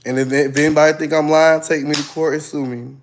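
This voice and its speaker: Animated man livestreaming a dramatic story. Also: fairly high pitch, fast, slight background noise. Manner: animated, dramatic, loud outbursts.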